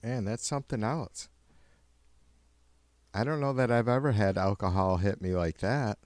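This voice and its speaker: A man's voice: lowish voice, normal speed, a little mellow, dry recording. A man hosting a live talk show, chatting bluntly with crude jokes and chuckling asides. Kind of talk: casual live show banter.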